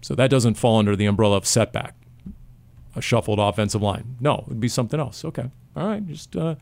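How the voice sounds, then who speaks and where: A man co-hosting a casual sports podcast, his voice sitting in an ordinary middle pitch. He talks in an animated way, breaking into quick stories and jokes with his co-hosts. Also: gravelly. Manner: animated storyteller, jokey. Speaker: podcast co-host.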